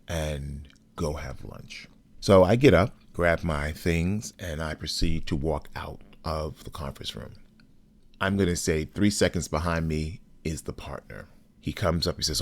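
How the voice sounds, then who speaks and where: A man with an extremely deep, low voice tells a story from his own life. He speaks in a measured, deliberate way and curses bluntly now and then. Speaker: podcast host. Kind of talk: personal storytelling.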